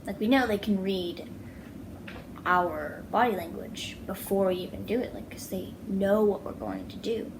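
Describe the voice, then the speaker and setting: A woman's voice: medium pitch, normal speed, background noise. A young woman chatting casually in a vlog, rambling with lots of fillers, alone in a house. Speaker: vlogger. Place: house, indoors.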